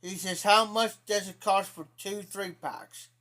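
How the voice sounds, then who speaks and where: A man's voice: high-pitched, fairly even intonation, unhurried, bright, forceful tone. A man with an Ohio accent telling a rambling, profane story to his live-stream chat in a casual way. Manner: rambling, profane, repeats himself.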